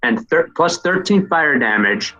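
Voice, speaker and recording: A man narrating as game master, explaining the rules and calling out damage in a steady, measured way. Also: on the high side, lo-fi sound.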